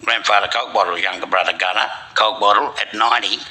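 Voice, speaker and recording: A man's voice: fairly low pitch, steady tone, quick pace, sharp tone, poor audio. An older Australian man telling a string of jokes in a rambling yarn-spinning way, chuckling at his own punchlines. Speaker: joke teller. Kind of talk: casual joke-telling.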